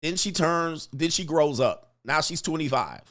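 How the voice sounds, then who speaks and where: A man's voice: fairly high pitch, animated, a little slow, a bit bright. A man hosting casual commentary, brash and slangy, chuckling often and hammering his punchlines. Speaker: commentary host.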